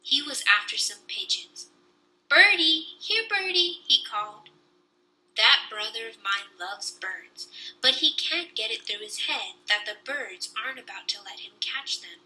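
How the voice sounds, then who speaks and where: A young woman reading a children's book aloud with lively storytelling. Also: mid-range voice, moderate pace, poor audio.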